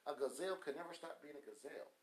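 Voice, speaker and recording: A man hosting a motivational podcast about relationships. He speaks in an emphatic, preacher-like cadence, pushing rhetorical questions and swinging between soft and loud. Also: fairly high pitch, very fast, roomy sound, a little hiss or hum. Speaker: podcast host.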